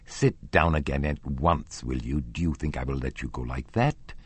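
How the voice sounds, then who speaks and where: A man reading an audiobook, voicing a kindly, candid old woman with white hair who chats warmly and laughs easily. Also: extremely low pitch, normal speed, slightly rough, dry recording, full character voice. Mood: coaxing. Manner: chatty, laughing, then indignant.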